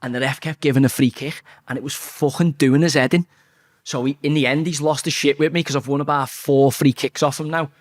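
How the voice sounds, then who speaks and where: A man telling a blunt, sweary story as an interview guest, talking fast and animated. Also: mid-range voice. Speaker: interview guest, former footballer.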